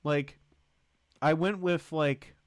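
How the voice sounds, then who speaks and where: A man's voice: fairly high pitch, steady tone, takes it slowly, clean tone, dry recording, clean studio sound. A man hosting a livestream, chatting casually in a rambling way and greeting and thanking viewers in the chat. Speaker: livestream host.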